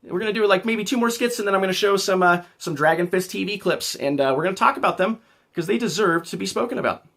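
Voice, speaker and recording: A man's voice: sits high, quick pace, gravelly, a bit bright. A man hosting a casual livestream, rambling and joking as he talks back to his chat. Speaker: livestream host.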